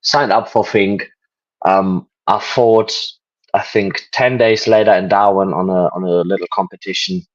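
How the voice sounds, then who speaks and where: German man with a low, dull-sounding voice. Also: steady tone, measured pace. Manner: rambling storyteller, many ums and restarts. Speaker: guest. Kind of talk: casual interview.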